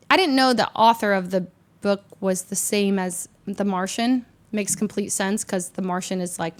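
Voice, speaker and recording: A woman livestreamer in casual chat with her viewers, rambling and animated, often laughing at herself and restarting her sentences. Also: medium pitch. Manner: rambling, animated and self-deprecating, with frequent restarts.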